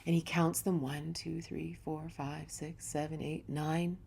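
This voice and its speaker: A woman yoga teacher giving a reflective spiritual talk, telling stories in a relaxed, conversational way. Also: low voice, slow pace, vocal fry, breathy edge.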